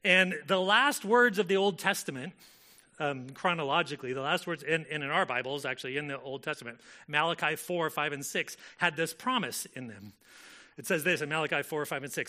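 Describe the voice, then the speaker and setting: A man delivers a sermon in a loose, conversational way, often pausing with filler words and restarting his sentences. His voice sits a little high for a man and sounds very bright and cutting. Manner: conversational, frequent "like" fillers, self-correcting. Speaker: pastor.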